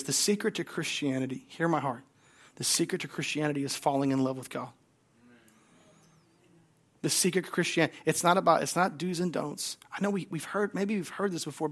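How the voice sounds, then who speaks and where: Guest pastor, man, high-pitched, emphatic, repeats lines back for the congregation. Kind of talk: sermon.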